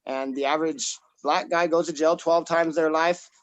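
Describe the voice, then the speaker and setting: A man in his thirties from Colorado performs a loose stand-up set into a video call. He rambles, restarts his sentences and fills the gaps with "uh" as he makes fun of himself. His voice sits a little higher than most men's. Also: fairly even intonation, normal speed, rough recording. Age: 30s. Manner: rambling, self-deprecating, many fillers and restarts. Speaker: stand-up comic.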